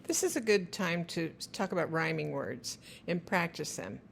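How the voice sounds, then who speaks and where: A woman explains at an unhurried pace how to guide a child through word sounds. Her voice sits a little lower than most women's, and she breaks words into their separate sounds with patient clarity. Her narration is steady and instructional. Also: creaky, slight background noise. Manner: slow, careful, spells out word sounds. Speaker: teacher.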